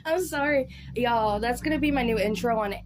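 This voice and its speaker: A woman's voice: fairly high pitch, a little fast, slight background noise. A woman chatting casually and laughing often as she comments on a clip. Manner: chatty, giggly, slangy. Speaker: commentary YouTuber.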